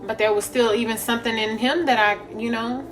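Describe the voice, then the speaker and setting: A woman's voice: a little high, steady tone, fairly quick, soft background music. A young woman, talking bluntly and profanely in a candid vlog monologue, laughing often. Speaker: spiritual vlogger.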